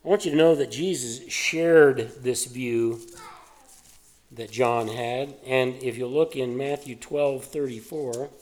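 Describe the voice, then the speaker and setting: A man preaching a sermon, teaching through Bible verses in an emphatic, conversational way, swinging from loud points to hushed asides. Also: mid-range voice, takes it slowly.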